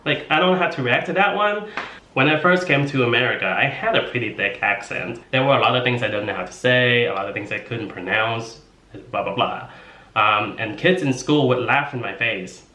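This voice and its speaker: A man's voice: medium pitch, lively intonation, brisk, pushed and bright. A man in his twenties from Vietnam, talking casually and playfully to the camera as a vlogger, full of filler words. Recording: roomy echo.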